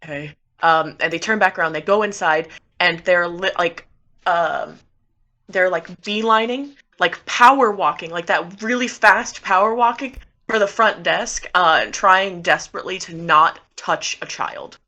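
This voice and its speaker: A woman's voice: on the low side, a little slow, sharp tone. A woman playing in a tabletop game, rambling playfully and cutting herself off mid-word. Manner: rambling, self-interrupting, playful. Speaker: player. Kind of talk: tabletop role-play chat.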